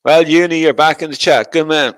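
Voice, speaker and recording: A man's voice: a little high, steady tone, a little fast, fairly bright tone, no room sound. A middle-aged man hosting a casual livestream, talking to his chat, swearing a lot and laughing often. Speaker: livestream host.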